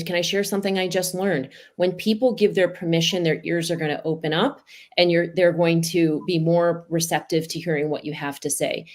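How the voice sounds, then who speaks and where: A woman hosting a podcast, wrapping up the episode with an earnest personal story. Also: lowish voice. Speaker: podcast host.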